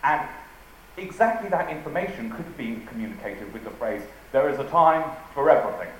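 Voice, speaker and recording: A man's voice: mid-range voice, lively intonation, brisk, slight background noise. An English man giving a humorous talk on rhetoric to a live audience, with a dry, playful, witty delivery and quotes recited with emphasis. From England. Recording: very echoey hall, faint ambience.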